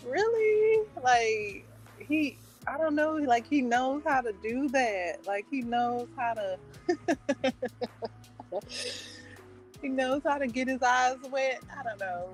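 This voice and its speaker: A woman's voice: high-pitched, expressive, slow, long pauses, soft background music, poor audio. A woman hosting her channel, chatting casually in a meandering, hesitant way with many fillers and restarts. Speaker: book club channel host. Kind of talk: casual chat.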